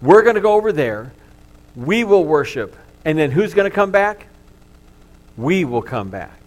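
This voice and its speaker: A pastor voicing a resolute old patriarch. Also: male voice, on the high side, sing-song, unhurried. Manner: firm, repetitive declarations. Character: faithful aged patriarch, steady and resolute.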